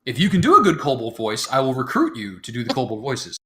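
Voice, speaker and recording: A man leading a tabletop game talks fast in a mid-range, fairly bright voice with wildly swooping pitch. He explains the rules casually, rambles, pokes fun at himself, and uses lots of fillers like um.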